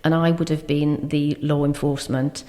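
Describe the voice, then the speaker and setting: A woman with a Welsh accent, a county official being interviewed on a podcast, talking earnestly and gratefully with many quick restarts. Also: low voice, little pitch movement, dark tone, big-room sound. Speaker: county High Sheriff, guest. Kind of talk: casual interview. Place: small podcast studio.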